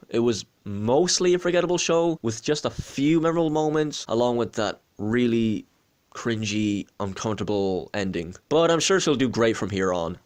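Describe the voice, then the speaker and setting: A young Irish man in his twenties, hosting a casual question-and-answer vlog in a chatty, joking, self-deprecating way. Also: mid-range voice. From Ireland. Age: 20s. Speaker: wrestling channel host.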